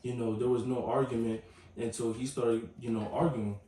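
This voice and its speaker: A man calmly recounting what he saw, in a laid-back, matter-of-fact way. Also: medium pitch, normal speed. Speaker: companion and witness. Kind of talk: casual chat. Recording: echoey room, distant mic, faint noise.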